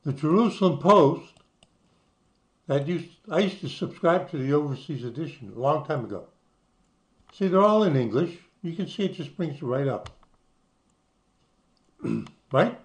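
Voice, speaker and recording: A man's voice: a little high, animated, a little slow, long pauses. An older man from the United States who talks you through websites in a casual screen-share, spelling things out letter by letter. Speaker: channel host.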